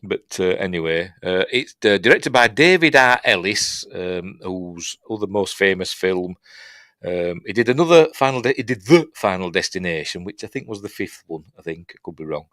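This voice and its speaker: A man's voice: sits low, animated, moderate pace, fairly bright tone, no echo, clean studio sound. A man with a Yorkshire accent hosting a casual, rambling film review, chatty and self-mocking with lots of fillers and restarts. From Yorkshire, England.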